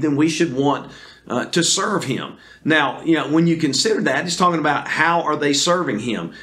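Earnest preacher with a fairly high voice. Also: male voice, fairly bright tone. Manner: earnest, deliberate, frequent fillers and restarts. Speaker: pastor. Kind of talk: sermon on video. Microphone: camera recording.

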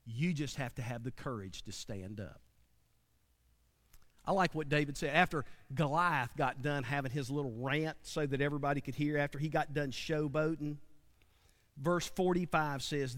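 A man preaching a sermon, animated and dramatic, swinging from loud bursts to hushed lines. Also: on the high side, normal speed. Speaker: pastor.

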